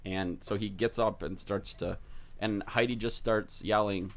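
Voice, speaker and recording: A man's voice: on the low side, fairly even intonation, unhurried. A man co-hosting a podcast, telling a rambling story in casual chat and laughing often. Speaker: podcast co-host.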